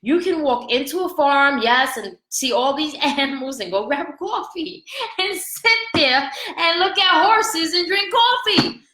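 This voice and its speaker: A woman life coach giving an animated motivational talk, asking "right?" often and laughing between points. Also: sits high, measured pace, reverberant, low-quality recording.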